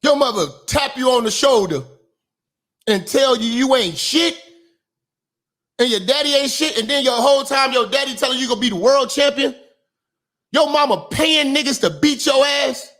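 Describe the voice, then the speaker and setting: A man giving a profane, comedic commentary monologue in a preachy, emphatic way, now and then breaking into shouts. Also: very high-pitched, moderate pace. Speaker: online commentator and minister.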